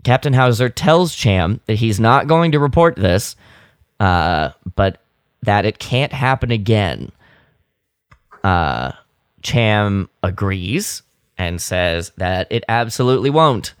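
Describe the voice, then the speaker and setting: Brief: low, smooth male co-host, casual rambling recap, dry close mic. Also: lively intonation, takes it slowly, no room sound. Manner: rambling, self-deprecating, many fillers. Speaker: podcast co-host. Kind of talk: casual chat, recapping an episode.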